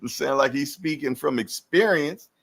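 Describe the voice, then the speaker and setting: A man's voice: a little high, measured pace, creaky, a bit bright, slightly rough. A man in his fifties hosting a live stream, chatting casually with viewers in laid-back slang and laughing often. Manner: laughs often between lines.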